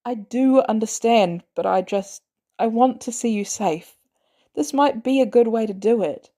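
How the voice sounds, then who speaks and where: A woman voicing a gruff, guarded adult man who is protective, talking bluntly in clipped lines with swearing. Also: fairly high pitch, measured pace, dark tone. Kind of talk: fan audiobook reading.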